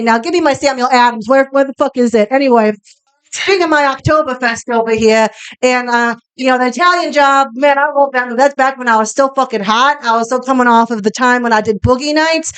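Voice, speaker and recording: A woman's voice: sits high, clean tone, close to an everyday voice, low-quality recording. Woman doing a swaggering foul-mouthed Boston guy. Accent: Boston (put on). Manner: crude, swaggering, constant cursing. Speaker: comedian guest.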